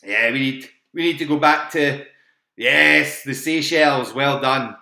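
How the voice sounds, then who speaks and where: A man's voice: mid-range voice, unhurried, creaky, pushed and bright. A man hosting a live online quiz from his home, chatty and laughing often as he repeats each question and its options. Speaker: quiz host. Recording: echoey home room.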